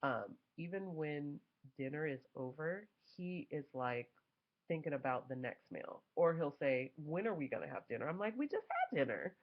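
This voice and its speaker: A young mother casually telling a family story, animated and acting out quoted voices. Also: low voice, normal speed. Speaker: mother vlogger. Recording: dull lo-fi home recording.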